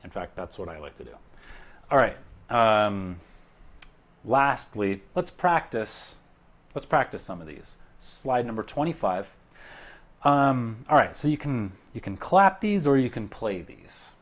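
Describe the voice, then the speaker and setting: Low-voiced male music teacher counting beats. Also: a little slow. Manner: relaxed, counting beats aloud with frequent fillers. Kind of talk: recorded music lesson. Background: keyboard and clapping.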